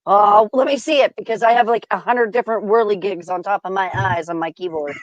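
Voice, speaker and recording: A woman's voice: mid-range voice, a little fast, muffled recording, slight background noise. A woman co-hosting a casual live stream, asking question after question in a teasing way. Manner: curious, teasing, asks many questions.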